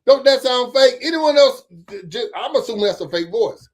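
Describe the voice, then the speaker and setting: A man hosting casual political commentary, talking straight to his viewers in an animated, profane, chatty way. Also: very high voice, moderate pace. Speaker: host of a local commentary stream.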